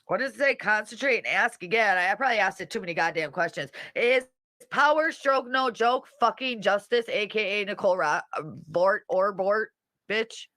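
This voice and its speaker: A woman's voice: mid-range voice, expressive, normal speed, a bit bright, no echo. A woman hosting a casual livestream, reading comments and mocking people in a brash, profane way. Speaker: livestream host.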